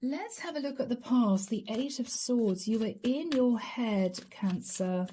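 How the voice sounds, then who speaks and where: A woman's voice: fairly high pitch, lively intonation, unhurried, mellow, breathy edge. A woman doing a casual tarot reading, chatty and talking straight to the viewer, laughing often. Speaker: tarot reader.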